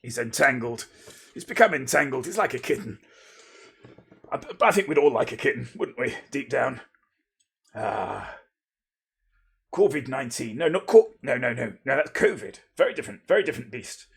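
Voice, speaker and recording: A man's voice: mid-range voice, animated, moderate pace, gravelly, fairly bright tone, husky. A man from Lincolnshire, casually chatting and rambling playfully as a livestream host, thanking viewers and interrupting himself. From Lincolnshire, England.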